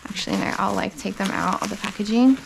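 A woman's voice: mid-range voice, gravelly, heavy background noise. A woman doing a car parts unboxing vlog, gushing and swearing casually as she pulls parts out. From Australia. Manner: gushing, swears often, slow-paced. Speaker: car vlogger.

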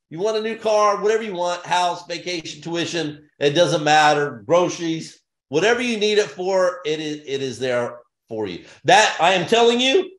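A man giving an energetic business opportunity pitch in punchy, repetitive short phrases with bursts of excitement. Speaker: sales presenter. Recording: roomy echo.

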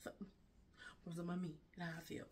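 A woman's voice: lowish voice, monotone, quick pace, darkish tone, slight background noise. A woman vlogger giving an earnest, emotional, candid life update to her viewers, indoors at night. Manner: earnest, emotional and frank, with repeated restarts. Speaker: fashion vlogger and designer.

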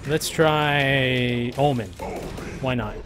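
A man streaming a fighting game, casually talking through his moves to the chat and muttering to himself between bursts of excitement. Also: medium pitch, very slow. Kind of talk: casual live stream commentary. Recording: music playing behind the voice.

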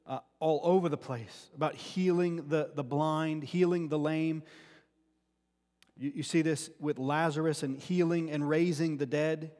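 Pastor guy preaching, earnest, trips and restarts words, kinda high voice. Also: darkish tone. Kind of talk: sermon teaching from scripture. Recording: long hall reverb.

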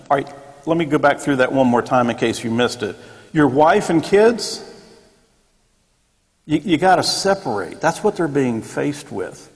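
A man's voice: medium pitch, animated, measured pace. A man teaching a church Sunday school class in a conversational way, with joking asides and acted-out quotes. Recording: long echoey church room.

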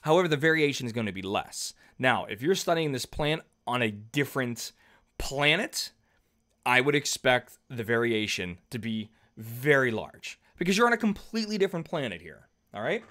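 A man at mid pitch teaches a math lesson as if standing at a board. He talks loosely and patiently, with fillers and frequent checks that the class is following. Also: animated, moderate pace, fairly bright tone. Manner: conversational, checks in with "okay?" often, fillers. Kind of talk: whiteboard lecture.

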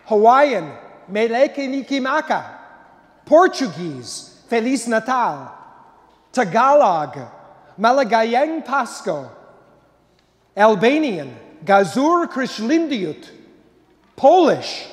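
A man serving as pastor, giving jovial closing remarks and a blessing at Mass in a large church. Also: extremely high pitch. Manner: jovial, warm-hearted delivery with playful asides. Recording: reverberant church hall.

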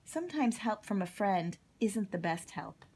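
A woman voicing a polite, gentle male octopus in a storybook read-aloud. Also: medium pitch, very animated, measured pace, slight background noise. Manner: mild and courteous.

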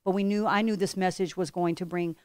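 A woman's voice: on the low side, steady tone, fairly quick, a little mellow, clean tone, dry recording. A middle-aged woman pastor preaching a sermon with emphatic repetition and rhetorical questions. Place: church.

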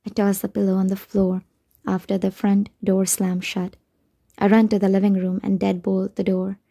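A woman narrating a novel in the first person, in an even, measured reading. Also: mid-range voice, gravelly. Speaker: audiobook narrator.

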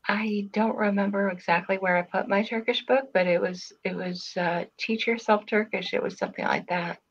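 A woman's voice: mid-range voice, fairly even intonation, normal speed, husky, dull audio. An older woman in casual conversation, telling stories with hesitant restarts and fillers. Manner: rambling, hesitant storyteller. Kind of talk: casual chat.

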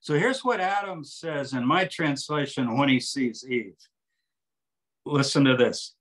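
A man's voice: fairly high pitch, a little slow. An older man, a translator interviewed about his work, explaining eagerly and quoting passages aloud. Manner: animated, explains with examples and quoted readings. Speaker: author and translator, interview guest. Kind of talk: conversational interview.

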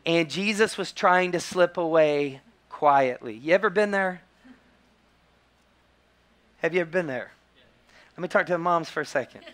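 A man, preaching a sermon as a pastor and telling stories with lively quoted voices. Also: normal speed, long pauses. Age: 40s. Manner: animated storytelling, acting out quotes in high voices.

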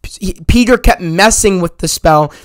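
A man with a dry, close sound talks through a spoiler review in a loose, rambling way, packing his sentences with "you know" and "like." He gets excited as he retells the scenes, and his voice sits high for a man. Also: unhurried, no echo. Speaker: movie review channel host.

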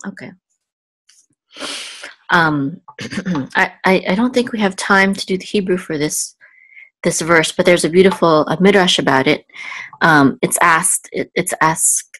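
A woman teaching biblical Hebrew word by word, slow and careful, with many ums and restarts. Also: on the low side, fairly bright tone, no room sound, poor audio. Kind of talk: patient word-by-word lesson.

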